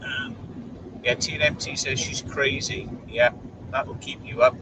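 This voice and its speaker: In his car on the road, a man chats on a casual live stream and reads viewer comments aloud. He speaks a little slowly in a steady, mid-range voice, and the recording comes from a distant mic swamped by loud car noise.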